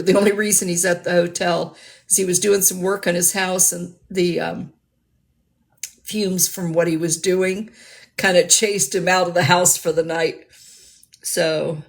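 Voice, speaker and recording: A woman's voice: on the low side, vocal fry. A woman chatting casually on a livestream in a rambling, chatty way, laughing often.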